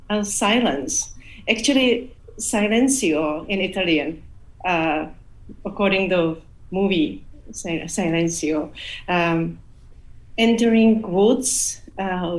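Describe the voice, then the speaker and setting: A woman artist speaks slowly about her painting after winning an award. She is gentle and hesitant, often pausing to find her words. She talks on a video call. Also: mid-range voice, low-quality recording. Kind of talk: casual thank-you remarks.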